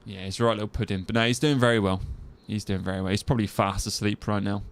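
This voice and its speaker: A man's voice: fairly low pitch, flat delivery, fast. A young man talks through his game in a loose, chatty way. He rambles, circles back and repeats his phrases, sitting close to his headset mic. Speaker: streamer. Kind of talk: casual gameplay commentary and chat.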